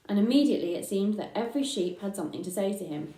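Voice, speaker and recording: A woman reading a children's book aloud in an unhurried way, with fillers between phrases. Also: mid-range voice, lively intonation, mellow, far from the mic. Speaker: reader. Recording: echoey room, voice from afar.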